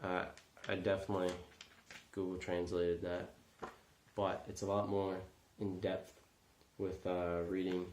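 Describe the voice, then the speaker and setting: A man's voice: low voice, completely flat delivery, unhurried, a little mellow, a little hiss or hum. A young man vlogging casually, rambling with lots of fillers and self-deprecating asides. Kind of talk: casual vlog talk. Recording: echoey room.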